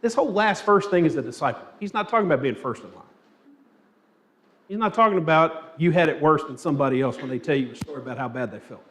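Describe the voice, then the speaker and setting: A man with a fairly high, slightly bright voice leads an interactive church Bible class at a quick, animated clip. He asks the group questions and tells anecdotes with light humor.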